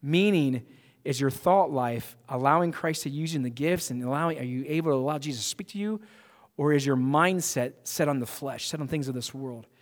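A man's voice: medium pitch, a little fast, long reverb tail. A male pastor delivering a sermon to his church in an emphatic, conversational way, often restarting his sentences. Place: church sanctuary.

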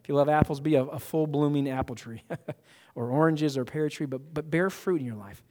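A man preaches to his congregation, his voice sitting a little high. He talks in an emphatic, conversational way and often restarts his sentences. The sanctuary gives his words a long, ringing echo. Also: moderate pace, dark tone. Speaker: pastor. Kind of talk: sermon. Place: church sanctuary.

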